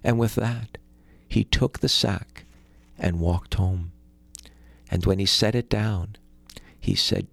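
Gravelly male storyteller. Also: fairly low pitch, slow, pauses often, no echo. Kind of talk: folktale storytelling.

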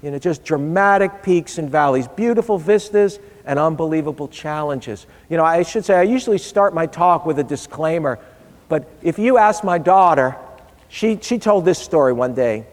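A man's voice: a little high, animated, moderate pace. A middle-aged man giving a speech, telling a humorous family story in a conversational way and voicing the people he quotes. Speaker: public speaker. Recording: long reverb of a large hall.

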